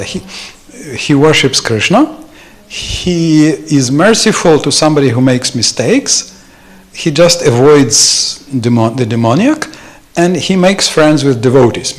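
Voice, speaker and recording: A man giving an informal, anecdotal devotional talk at a temple, chuckling often as he speaks. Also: mid-range voice. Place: temple hall.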